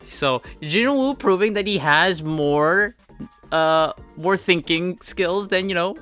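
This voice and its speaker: Male reviewer, bright edge, loose chatty delivery full of fillers. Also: medium pitch. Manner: chatty and rambling, full of "like" and "you know". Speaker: manhwa reviewer. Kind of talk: casual chapter recap.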